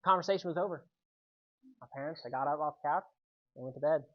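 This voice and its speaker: A man giving a youth sermon, telling a personal story with lively energy and often checking in with the audience. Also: a little high, fast talker, muffled recording. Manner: animated storytelling, keeps checking in with "right?". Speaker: youth speaker.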